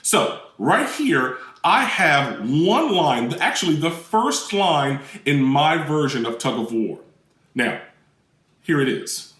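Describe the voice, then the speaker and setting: A man teaching puppet voice warm-ups in an animated, demonstrative way, his pitch swinging widely. His tone is bright, and he sounds a bit far from the mic in a roomy space. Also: slow. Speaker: library puppetry presenter. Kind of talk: children's lesson on voice warm-ups.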